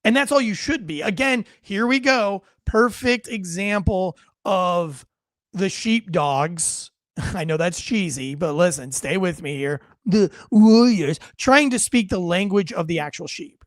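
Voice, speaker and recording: Male host with a high voice and a blunt, crude, joking rant style, recorded dry. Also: lively intonation, measured pace, no room sound. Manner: blunt, profane, wisecracking, reads chat aloud. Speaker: livestream show host and military veteran. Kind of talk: unscripted ranting commentary.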